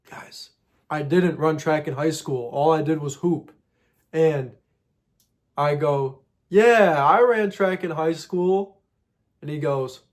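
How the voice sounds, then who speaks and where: A young man telling a casual storytime about reselling, heavy on slang and quick to mock himself. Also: on the high side. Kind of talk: storytime vlog.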